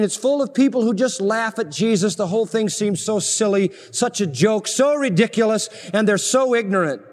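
A man preaching an expository sermon, emphatic, with dramatic swings in pitch and pace. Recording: long reverb of a large hall.

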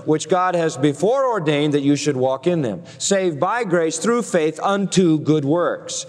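A man's voice: fairly high pitch, expressive, unhurried, hardly any pauses, big-room sound. A man preaching a sermon, emphatic and driving, often using rhetorical questions. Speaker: pastor.

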